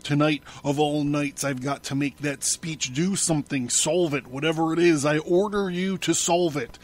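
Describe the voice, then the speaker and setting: A man's voice: a little high, steady tone, measured pace. A man doing a blustering, panicked official. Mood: commanding. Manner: shouting, demanding.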